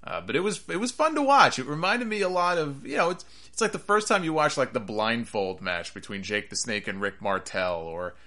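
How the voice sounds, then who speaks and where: A man's voice: medium pitch, animated, fairly quick, pushed and bright. A man hosting a wrestling podcast, rambling and sarcastic in casual commentary.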